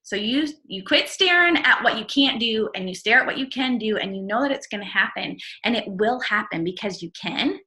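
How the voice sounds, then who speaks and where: A woman's voice: fairly high pitch, lively intonation, fairly quick, few pauses, bright, forceful tone, echoey room. A woman giving an earnest, encouraging mindset talk on a video call, repeating her key phrases. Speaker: network marketing leader.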